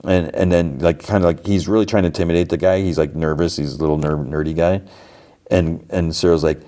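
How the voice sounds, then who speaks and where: A man's voice: low voice, steady tone, fairly quick, warm tone. A man hosting a podcast, casually recapping TV episodes in a rambling way with lots of filler "like". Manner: rambling, heavy use of filler "like". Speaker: podcast host.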